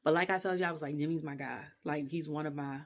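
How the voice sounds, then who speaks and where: Woman, casual rant, rambling, animated, laughing often. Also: sits low, fast. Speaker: wrestling reviewer.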